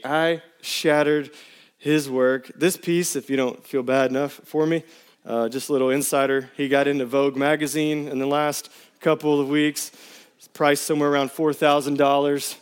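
A man in his thirties preaching a sermon to his church, telling personal stories in a casual, animated way. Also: fairly high pitch, smooth. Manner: storytelling, animated, casual slang. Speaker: pastor.

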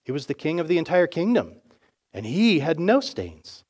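A man's voice: a little high, moderate pace, slightly rough. Man telling a sermon story. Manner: expressive storytelling narration. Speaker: pastor.

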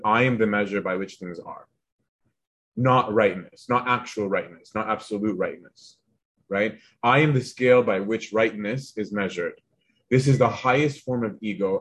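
A man's voice: fairly low pitch, a bit bright, husky. A man giving an informal spiritual lesson in a conversational way, often checking in with "right?" and retelling a text with animation. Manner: conversational, tags lines with "right?". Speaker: teacher.

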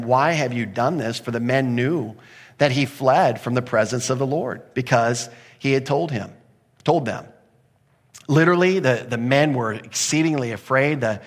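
Man preaching in an echoey hall. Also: mid-range voice. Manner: animated, acts out voices of the sailors with humor. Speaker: pastor. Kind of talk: sermon. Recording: echoey hall with long reverb.

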